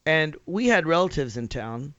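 A man's voice: fairly high pitch, big pitch swings, moderate pace, a bit bright, no room sound, lo-fi sound. A man from Tennessee hosting a radio talk show, arguing his point with rhetorical questions and emphatic rises. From Nashville, Tennessee, US. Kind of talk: opinion talk radio monologue.

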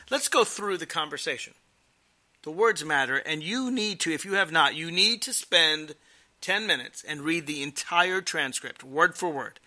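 Sharp, animated man giving commentary. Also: on the high side. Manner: emphatic, sarcastic. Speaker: political commentator. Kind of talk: explanatory commentary.

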